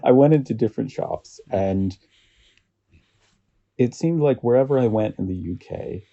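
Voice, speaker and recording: American man, podcast guest, low dark voice, chatty and rambling, muffled lo-fi audio. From United States. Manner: rambling, halting, laughs often. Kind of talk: casual chat.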